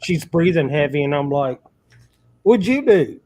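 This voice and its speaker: A man's voice: a little high, lively intonation, unhurried, warm tone. A man teasing the host as a guest on a casual livestream, over a video call.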